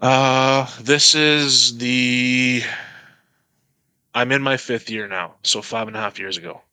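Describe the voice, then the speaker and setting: A man chatting as a podcast guest, blunt and heavy on the profanity. His voice is bright and sharp and sits at a middling pitch. The recording is close and dry. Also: steady tone, slow pace, clean tone, dry recording, rough recording. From Canada. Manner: blunt and profane, swears freely. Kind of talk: casual podcast chat.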